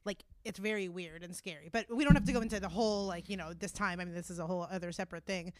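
A woman's voice: lowish voice, very fast, no room sound. A woman hosting a casual podcast conversation, giggly and full of filler words. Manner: giggly, filler-heavy chatter.

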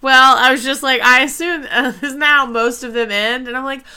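A woman's voice: high-pitched, normal speed, sharp tone, smooth. A woman co-hosting a podcast, reacting to her friend's story with wry jokes and frequent laughter. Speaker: podcast co-host. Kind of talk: casual podcast banter.

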